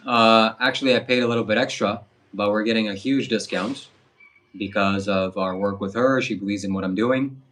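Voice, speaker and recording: A man who hosts spiritual retreats, speaking calmly and earnestly with hesitant fillers. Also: on the low side, normal speed. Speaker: spiritual streamer and retreat host. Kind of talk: casual chat.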